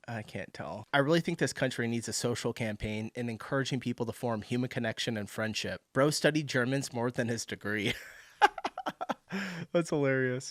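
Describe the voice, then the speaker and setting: A man's voice: medium pitch, a bit bright, no room sound. Guy reacting to clips and reading comments, laughs a lot, super dry close sound. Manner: amused, laughs often while reading comments. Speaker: reaction video host.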